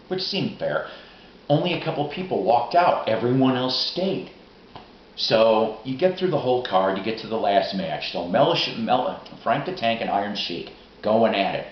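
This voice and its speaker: A middle-aged man telling rambling, profane, excitable stories in a casual vlog monologue. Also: on the low side, normal speed, a little hiss or hum. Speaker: vlogger. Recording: roomy, dull lo-fi recording.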